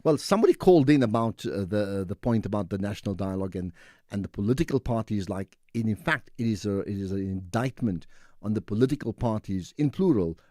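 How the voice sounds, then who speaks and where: A man's voice: fairly low pitch, animated, fairly quick, mellow, no room sound, clean studio sound. A man hosting a call-in radio show, talking casually and pushing back on callers. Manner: conversational, rebuts callers directly. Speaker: radio talk show host. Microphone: studio microphone.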